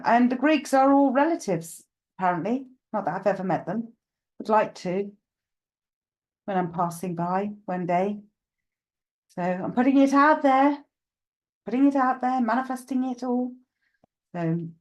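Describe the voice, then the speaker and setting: A woman's voice: mid-range voice, a little mellow. Chatty woman hosting a live stream. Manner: chatty, greets viewers by name, rambling asides. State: slight cough. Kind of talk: casual live-stream chat.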